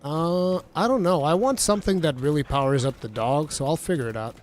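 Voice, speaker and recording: A man streams a game and chats as he goes, wandering from thought to thought. His voice sits a touch higher than most men's. Faint game ambience hums under his talk. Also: a little fast, slight background noise. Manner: rambling, thinking aloud, chatty; thanks chat viewers warmly. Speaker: gaming streamer. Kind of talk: casual let's-play commentary.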